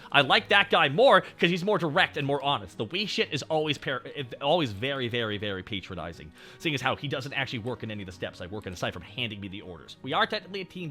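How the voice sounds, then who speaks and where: Lively, bright-voiced male streamer. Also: mid-range voice. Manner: animated, profane, swings between muttering and shouting. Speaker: VTuber streamer. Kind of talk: casual storytelling on stream.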